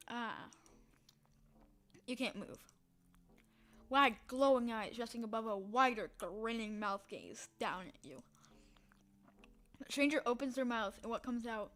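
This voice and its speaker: A game streamer reads a text game's narrative aloud in a fairly bright, high-leaning voice, giving it a dramatic delivery that's punctuated by brief asides and the occasional whisper.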